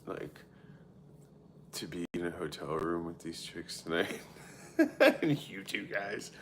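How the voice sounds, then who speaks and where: A man's voice: sits low, very animated, slow, a little hiss or hum. A man in his thirties chatting candidly on a livestream, cursing freely, rambling with lots of "like" and answering viewers as he goes. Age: 30s. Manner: frequent filler "like" and self-interrupting. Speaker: live streamer. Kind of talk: casual chat answering viewers.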